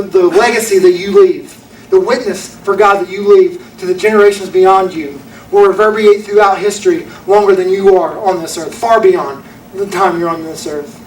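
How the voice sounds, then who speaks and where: A man's voice: high-pitched, slight background noise. A young man preaching a sermon, telling a story in an earnest, folksy way. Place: church auditorium. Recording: echoey room from a distance.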